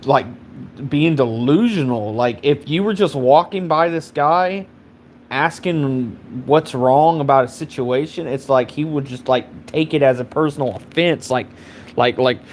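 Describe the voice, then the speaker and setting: A man's voice: on the high side, measured pace, a little mellow, slight background noise. Rambling, profane young man ranting. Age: 20s. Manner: rambling and profane, heavy on fillers. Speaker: live streamer. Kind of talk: casual rant.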